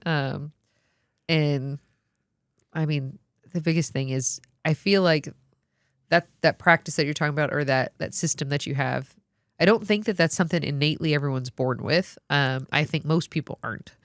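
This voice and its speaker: A physician assistant chatting casually on a podcast, friendly and affirming, often adding quick asides. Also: mid-range voice, a bit bright, dry recording, clean studio sound.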